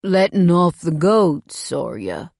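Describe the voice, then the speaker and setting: Casting: woman playing a blunt, deep Southern drifter, cold and curt, audiobook read, dry close mic. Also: sing-song, slow pace, vocal fry, darkish tone, dry recording, full character voice. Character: towering cold stranger man, deep-voiced.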